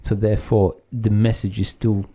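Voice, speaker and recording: A man's voice: fairly low pitch, flat delivery, moderate pace, dark tone, breathy edge. A man co-hosting a casual chat, talking in a loose, rambling way. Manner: loose and chatty, lots of fillers and "mate". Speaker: podcast co-host.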